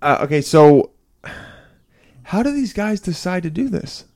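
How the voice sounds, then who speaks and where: A young man co-hosting a podcast in casual chat, excitable and laughing often. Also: high-pitched, measured pace, vocal fry. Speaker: podcast co-host.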